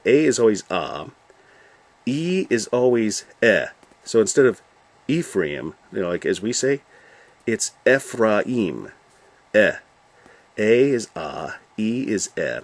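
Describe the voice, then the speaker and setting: A man with a somewhat low voice talks through scripture in a loose, informal way. He rambles and restarts as he thinks aloud, and turns to his viewers directly in a chatty tone. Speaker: Bible study host. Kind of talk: informal Bible commentary.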